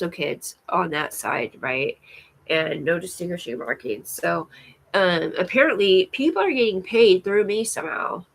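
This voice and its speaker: A woman's voice: fairly low pitch, vocal fry, fairly bright tone, poor audio. A woman rambling through a live stream monologue, full of fillers and restarts, swearing often. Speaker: vlogger.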